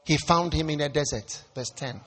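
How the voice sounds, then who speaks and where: A man pastor delivering a sermon, preaching with rising shouts and playful asides. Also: a little high, normal speed.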